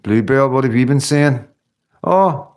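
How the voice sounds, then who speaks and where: Man, livestream host, rambling casual chat, filler-heavy, mid pitch. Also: expressive, a little slow, darkish tone. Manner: rambling, chatty, many fillers and tag questions.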